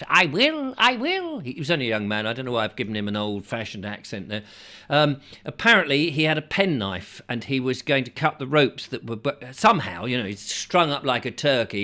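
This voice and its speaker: English man, mid-pitched voice, rambling, many fillers, chatty asides, home-made video. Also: sharp tone. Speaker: host. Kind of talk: rambling storytelling to camera. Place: home studio.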